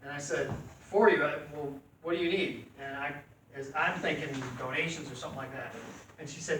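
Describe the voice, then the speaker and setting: A middle-aged man telling an animated, folksy story at a club meeting. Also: on the high side, brisk. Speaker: club member. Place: meeting room. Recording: echoey room from far off, faint noise.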